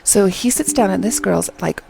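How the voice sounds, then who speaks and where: A woman chatting through a casual video review, retelling scenes in an animated way and often checking in with "okay?". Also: mid-range voice, moderate pace, vocal fry, rough recording. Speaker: drama reviewer.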